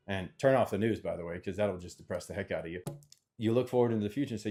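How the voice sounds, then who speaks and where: A man's voice: lowish voice, fast talker, warm tone. A middle-aged man speaking off the cuff as a channel host, earnest and a little preachy, citing scripture while giving money advice. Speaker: investment CEO and channel host. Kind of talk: unscripted motivational monologue.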